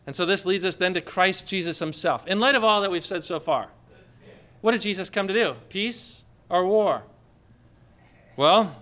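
A man's voice: high voice, sharp tone. A man preaching a sermon in an emphatic, dramatic way, building his points with rising emphasis.

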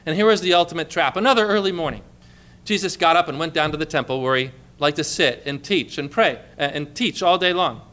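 A man preaching a sermon, emphatic, repeating key phrases and dropping to a hush for quoted lines. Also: a little high, a little fast.

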